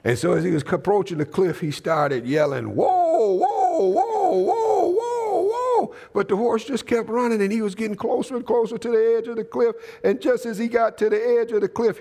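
A man's voice: high-pitched, creaky, a little mellow, in a large hall. A man preaching a Pentecostal sermon in a church. He tells stories and draws out emphatic phrases, and he calls on the congregation to answer back. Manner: storytelling, drawn-out emphatic phrasing. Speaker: pastor. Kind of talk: Pentecostal sermon with call-and-response.

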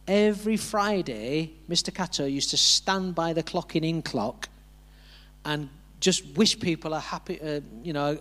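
A man's voice: on the high side, a bit bright. A man preaching a sermon, telling a personal story, acting out the voices he quotes and chuckling along.

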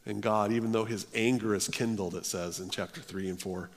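A man's voice: on the low side, fairly even intonation, a little fast. A male pastor preaching a sermon in earnest, often restarting his phrases. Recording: long hall reverb.

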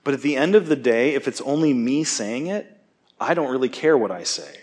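A man's voice: mid-range voice, animated, a little fast, darkish tone. Man preaching a casual, chatty sermon. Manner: casual, self-deprecating, asks "okay?" often. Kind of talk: conversational sermon.

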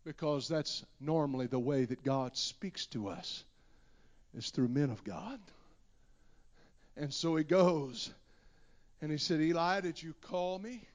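A man's voice: a little high, slow, long pauses. A man preaching a Pentecostal sermon in a church, impassioned and driving his points home with repeated refrains. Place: church sanctuary.

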